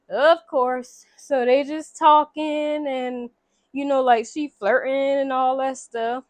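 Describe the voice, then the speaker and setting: A woman's voice: sits high, no echo. A woman telling a story in casual chat at home, acting out the characters' lines with voices. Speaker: vlogger recapping a movie. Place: home room near a window.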